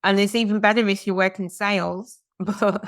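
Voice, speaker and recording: A woman's voice: mid-range voice, steady tone, moderate pace, no room sound, studio quality. A woman co-hosting a podcast, chatting and reading out news articles with her own comments. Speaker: podcast co-host. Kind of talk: casual discussion, reading out news stories.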